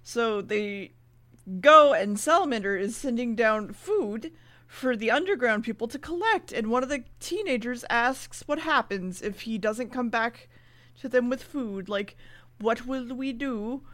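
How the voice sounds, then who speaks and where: A woman co-hosting a podcast, retelling a TV episode in casual chat, swearing freely and slipping into quick character voices. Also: on the high side, expressive, fairly bright tone. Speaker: podcast co-host recapping an episode.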